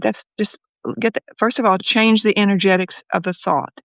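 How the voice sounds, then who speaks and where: A woman's voice: medium pitch, steady tone, fairly quick, fairly bright tone, no room sound. A woman psychologist speaks as a guest on an interview podcast. She tells her stories with animation and often acts out her own inner voice in quotes. The recording is dry and close, with little room sound.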